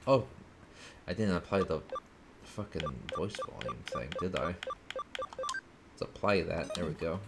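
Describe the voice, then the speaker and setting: Low-voiced and relaxed, a man mutters to himself while streaming a video game, giving casual commentary on his play. Background noise can be heard.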